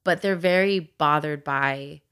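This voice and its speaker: A woman's voice: deep voice, a little slow, smooth. A woman hosting a casual podcast chat as an adoptive mother, telling stories animatedly, acting out quotes and laughing often. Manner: animated storyteller who acts out quotes in exaggerated voices and laughs often. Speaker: podcast host.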